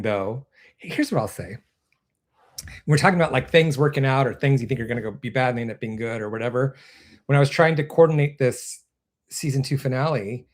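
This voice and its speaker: A man hosting a casual live stream from his computer, rambling and interrupting himself, laughing often, with his voice going a bit hoarse. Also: mid-range voice. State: losing his voice. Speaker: actor and web series creator hosting a live stream.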